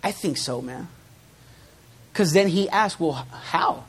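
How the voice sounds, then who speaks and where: A man's voice: fairly high pitch, expressive, slow, slightly rough. A man preaching a sermon to his congregation, building emphasis through repeated phrases and dropping in joking asides. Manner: emphatic preaching with rising, forceful repetitions. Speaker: pastor.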